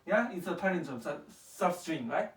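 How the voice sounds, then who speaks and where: A woman's voice: lowish voice, lively intonation, normal speed. Woman teaching coding in an echoey room. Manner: patient, questioning, checks understanding often. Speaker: parent teaching programming. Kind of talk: casual home coding lesson. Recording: echoey room, far from the mic.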